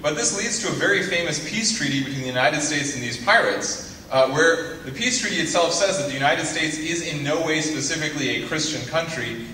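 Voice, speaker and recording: In a lecture hall, a young guest speaker with a bright, forceful mid-range voice jokes and teases his way through a talk for students. He's picked up from far away, with echo and a little background noise.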